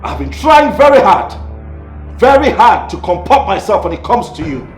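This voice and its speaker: A furious domineering husband. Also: male voice, sits high, very animated, moderate pace. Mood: angry. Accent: Nigerian. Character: furious stern husband, middle-aged, domineering. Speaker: angry husband ordering his estranged wife out. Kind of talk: Nollywood film acting. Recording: echoey room with music behind.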